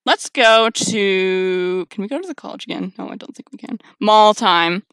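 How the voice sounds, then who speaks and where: Excitable woman streamer shrieking at a game. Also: medium pitch, moderate pace, clean tone, dry recording. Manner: loud, excitable, shrieks and laughs in protest. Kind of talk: let's play commentary.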